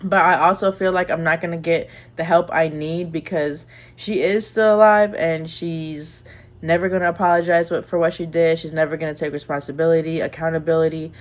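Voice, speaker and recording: A woman's voice: low voice, fairly even intonation, fairly quick. A young woman giving candid, chatty advice in a casual vlog, rambling with lots of "like"s. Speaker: lifestyle vlogger.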